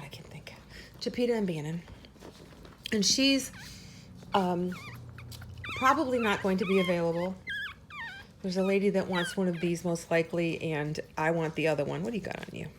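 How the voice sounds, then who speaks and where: A woman dog breeder giving an earnest, emotional home update on her puppies. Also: a little hiss or hum. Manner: earnest and emotional, talks to the puppies in a high sing-song. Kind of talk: casual update to camera.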